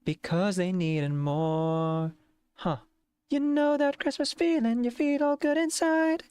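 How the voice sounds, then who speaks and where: A woman's voice: fairly high pitch, takes it slowly, darkish tone, clear, resonant tone, no echo. A woman voicing a jolly, mischievous Christmas ghost who sings in a bouncy, showy way. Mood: exuberant.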